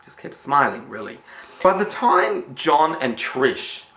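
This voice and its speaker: A man's voice: fairly high pitch, big pitch swings, slow pace, sharp tone. A man with an Australian accent telling a story casually, rambling with many fillers and restarts. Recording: roomy echo.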